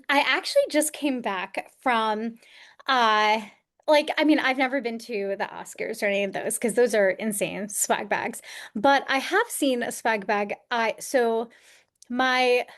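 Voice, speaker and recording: A talkative woman from upstate New York chats as a podcast guest, her voice sitting a little on the high side. She tells her stories in an animated, rambling way, speaking over a video call. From Poughkeepsie, New York. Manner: chatty, animated storyteller. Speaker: podcast guest, career coach and actor. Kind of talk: casual interview chat.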